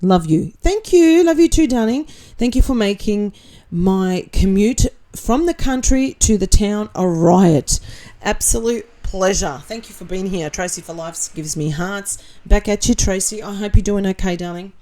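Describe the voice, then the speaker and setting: A woman's voice: mid-range voice, measured pace, warm tone. A woman with an Australian accent hosting a casual livestream, reading viewer comments aloud and answering them in a blunt, sarcastic way. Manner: blunt and sarcastic, swears freely.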